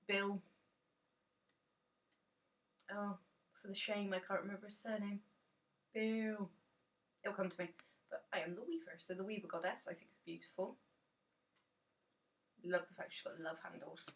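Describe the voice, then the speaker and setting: A woman's voice: medium pitch, fairly even intonation, unhurried, long pauses, far from the mic. A woman chatting enthusiastically and rambling casually about a tarot deck in a dim room.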